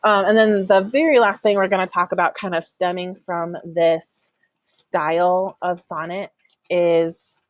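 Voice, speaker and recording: A woman teacher talks through a recorded online lesson in a fairly low voice. She explains step by step, fills pauses with "um," and sounds out rhythms aloud. The sound is dry and close, with no room around it. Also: fairly even intonation, no echo. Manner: explanatory, frequent "um" fillers, demonstrates stress patterns aloud. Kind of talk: recorded online class lecture.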